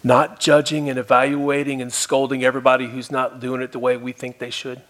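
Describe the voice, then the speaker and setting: A male pastor preaching a sermon, telling a story and dropping at times to a soft, hushed voice for emphasis. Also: mid-range voice, completely flat delivery, a little fast. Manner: storytelling, shifts between soft hushed tones and raised emphasis. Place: church.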